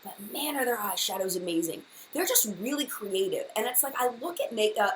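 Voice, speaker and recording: A woman's voice: mid-range voice, big pitch swings, a little fast, few pauses, slight background noise, rough recording. A woman hosting a casual live-stream makeup chat, gushing and enthusiastic, often repeating herself. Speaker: beauty vlogger, live chat host.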